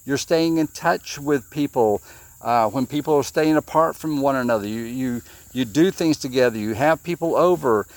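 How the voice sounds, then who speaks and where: A man's voice: mid-range voice, dry recording. Guy preaching a sermon, laid back and chatty, retells the story in his own words and does the lines himself. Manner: plain, informal retelling with restarts and quoted dialogue. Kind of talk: conversational sermon.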